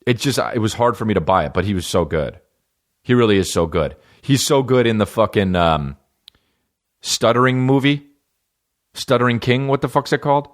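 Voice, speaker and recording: A man's voice: medium pitch, animated, normal speed. A middle-aged man hosting a podcast, rambling loosely through tangents with lots of swearing and restarts. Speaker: podcast host. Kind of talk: casual rambling monologue.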